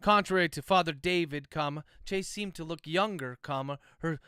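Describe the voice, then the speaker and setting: A man with a fairly high, sharp, clean-toned voice speaks at a moderate pace. He's an author dictating his novel on a livestream, voicing every comma and period, then chatting loosely with the audience between passages. It's studio quality with no echo.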